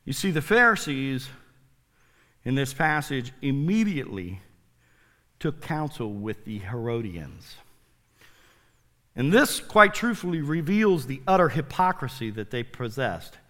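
A man preaching a sermon to his church, swinging from loud to hushed and turning playful in asides to the congregation. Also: medium pitch, sing-song, measured pace, pauses often, big-room sound. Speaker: pastor. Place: church sanctuary.

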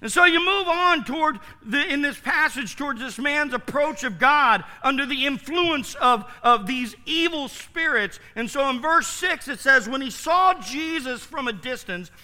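Man pastor mid-sermon, lively high voice, pressing and repeating points. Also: unhurried, hardly any pauses. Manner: emphatic, repetitive preaching with rhetorical questions.

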